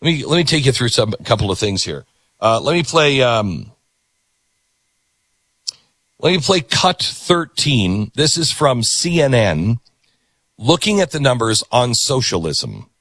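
A man hosting a talk show monologue. His pitch leaps and dips lively, and his voice is a little husky. He sounds dry and close, and he turns sarcastic while playing out imagined exchanges. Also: measured pace, pauses often, no echo. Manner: animated, sarcastic, acts out quoted voices. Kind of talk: opinion radio monologue.

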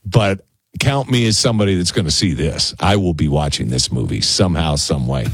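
Low-pitched and brisk, with a breathy edge, this male radio host delivers a relaxed talk-radio monologue into a studio broadcast microphone, and there's no echo. As excitement builds, he stammers and says words twice, keeping things conversational throughout.

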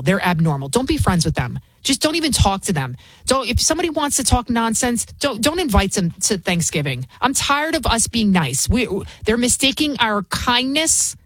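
Her voice sits at medium pitch with no echo as she stands in as a talk radio host. The woman mocks and argues through an opinionated rant, often starting her sentences over.

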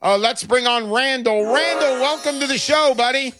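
A man's voice: very high voice, moderate pace, over music. Brash, emphatic man hosting a talk show. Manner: brash, emphatic, repeats lines for effect. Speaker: radio show host. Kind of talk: talk radio with sales pitch.

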